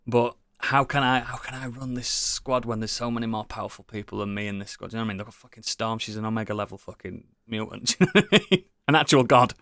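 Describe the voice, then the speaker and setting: A man's voice: medium pitch, fast talker, hardly any pauses, a bit bright, no echo, studio quality. A British man co-hosting a casual podcast, rambling enthusiastically with lots of swearing and restarts. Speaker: podcast co-host. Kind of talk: casual chat.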